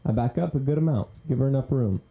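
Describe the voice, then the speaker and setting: A man's voice: mid-range voice, fast talker, creaky, narrow, tinny audio. A man doing stand-up storytelling at an open mic, brash and loose with plenty of swearing. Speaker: stand-up comic. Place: small comedy club stage.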